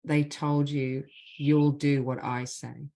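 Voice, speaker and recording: A spiritual mentor leads a group healing call, guiding a clearing session with spoken healing phrases. Her low, creaky, dark-toned voice stays level as she reads the repeated phrases slowly and deliberately.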